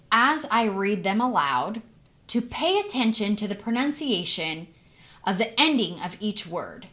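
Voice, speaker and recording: A woman's voice: medium pitch, a bit bright. A woman teaching English pronunciation, modeling word endings carefully and asking the learner questions. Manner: clear, careful, deliberate modeling of sounds. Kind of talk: recorded teaching lesson.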